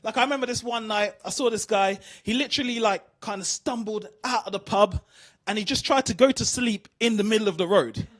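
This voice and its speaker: A man from the UK doing an animated stand-up routine, asking the crowd questions. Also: sits high, a little fast. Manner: animated storytelling, asks the crowd. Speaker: stand-up comedian.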